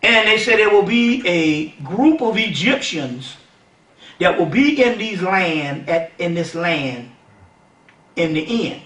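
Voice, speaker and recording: A man giving a seminar-style lecture, animated and conversational, often checking that the audience follows. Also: high voice, slow pace. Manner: animated, keeps asking "you see what I'm saying". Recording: roomy sound from a distant mic.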